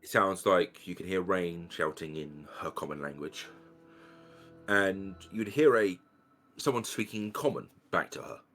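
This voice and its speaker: A man's voice: deep voice, measured pace, a bit bright, soft background music. A man running a tabletop game as game master, narrating scenes casually with fillers and swearing.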